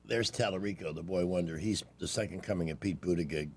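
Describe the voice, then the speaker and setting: A man's voice: low-pitched, quick pace, a little mellow, slightly rough. A man hosting a call-in talk radio show, chatting and trading sarcastic political asides.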